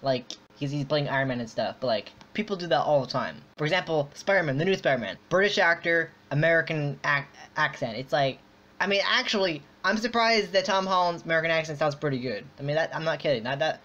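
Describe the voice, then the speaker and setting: A man's voice: a little high, fast talker, pushed and bright. A man hosting a casual online chat, rambling with lots of fillers and restarts. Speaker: podcast host. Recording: dull lo-fi audio.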